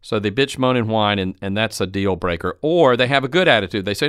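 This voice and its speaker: Smooth-voiced man coaching with anecdotes. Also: on the low side, a little fast, hardly any pauses, fairly bright tone, no room sound, clean studio sound. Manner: retells anecdotes and acts out quoted speech. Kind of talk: instructional storytelling talk.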